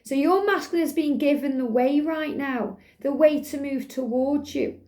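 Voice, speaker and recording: Lady doing a tarot reading, soft and soothing, high but mellow voice. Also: moderate pace. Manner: soft, soothing, half-sings lyrics. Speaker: tarot reader. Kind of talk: spiritual tarot reading monologue.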